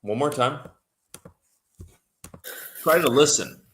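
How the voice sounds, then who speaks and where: A man teaching English on a livestream, who talks slowly and repeats words for his learners. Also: medium pitch, a bit bright, a little hiss or hum. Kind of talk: livestream language lesson.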